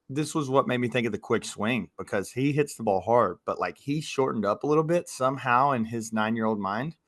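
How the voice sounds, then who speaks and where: A man co-hosting a casual podcast as a youth baseball coach, telling animated stories about his players. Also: lowish voice, dry recording, studio quality. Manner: animated storytelling, quoting players.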